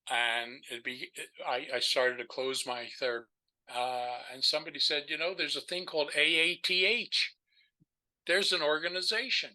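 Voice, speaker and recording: An older man, a podcast guest, telling stories in an animated, rambling way, with many restarts. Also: fairly high pitch, normal speed, rough recording. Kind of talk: storytelling in a casual chat.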